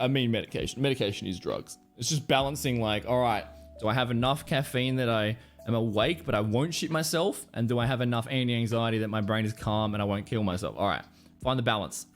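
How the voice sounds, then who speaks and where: A man's voice: medium pitch, quick pace, faint music behind. Profane Australian man chatting on stream. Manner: profane, rambling, animated storytelling. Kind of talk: casual chat to a live stream audience.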